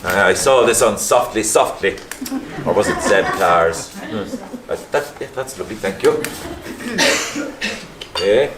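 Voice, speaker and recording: A prying Catholic priest from Liverpool questions a family in a measured, faintly pompous manner, as an actor plays him. His voice sits low, and the stage echoes around him. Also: lively intonation, recorded from a distance, background noise. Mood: probing. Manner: measured, probing, slightly pompous. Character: prying middle-aged Catholic parish priest. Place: theatre stage. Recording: roomy stage sound, faint ambience.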